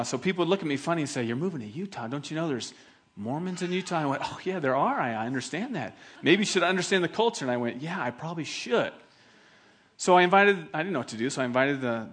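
Middle-aged pastor guy preaching, kinda high voice, gets loud and lively telling stories. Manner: animated preaching with story-telling and laughter. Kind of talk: sermon.

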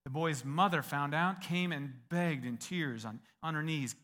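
A middle-aged American man preaching a sermon, telling a story with lively acted-out quotes. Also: on the high side, unhurried, few pauses. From United States. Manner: animated storyteller, acts out quoted voices. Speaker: pastor.

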